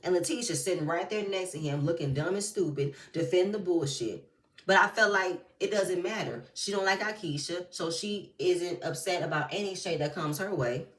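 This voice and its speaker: Lowish-voiced woman ranting about reality tv, blunt and cussing, roomy sound. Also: normal speed, recorded from a distance. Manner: blunt, profane, heated. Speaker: reality TV recap YouTuber. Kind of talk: casual commentary.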